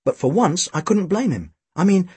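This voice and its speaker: A man narrating a storybook with a dry, wry, expressive delivery. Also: sits high, moderate pace, slightly rough, no echo. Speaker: audiobook reader.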